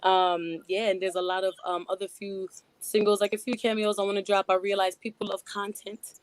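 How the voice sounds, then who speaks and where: A chatty woman with a New York accent, talking as a guest on a radio show. Her voice sits at a middling pitch and sounds dry and close, with little room sound. She laughs easily and fills her talk with "you know.". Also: level tone, fairly quick, clear, resonant tone, no echo. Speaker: rapper, guest. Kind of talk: casual radio interview. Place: radio studio.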